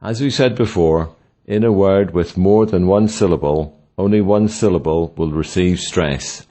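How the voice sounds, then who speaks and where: A man narrating a scripted pronunciation lesson, slowly and deliberately sounding out example words. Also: low-pitched, mellow. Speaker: pronunciation teacher.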